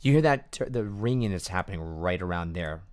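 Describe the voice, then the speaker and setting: A man coaching a choir on singing, talking quietly at home at night and losing his voice a little. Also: deep voice, animated, fairly quick. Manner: quiet, hushed speech to avoid waking kids. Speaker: vocal coach. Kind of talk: casual coaching talk over recordings.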